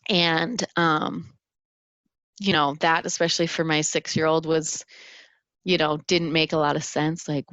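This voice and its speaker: A woman's voice: low-pitched, fairly bright tone, no echo, lo-fi sound. A woman in her thirties from Minnesota hosting a podcast, talking earnestly with many fillers and restarts. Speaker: podcast host. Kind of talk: reflective solo podcast talk.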